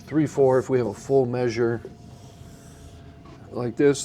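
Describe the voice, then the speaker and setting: A man's voice: mid-range voice, fairly even intonation, a little slow, pauses often, dark tone. A man teaching a song leading class, patiently explaining beats and emphasis step by step and asking the class questions. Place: church classroom. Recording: faint background noise.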